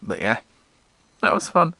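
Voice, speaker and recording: A young man telling comic school stories in a casual monologue, swearing and mocking himself, slipping into squeaky voices for the people he quotes. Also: a little slow, sharp tone, no echo. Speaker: podcast host.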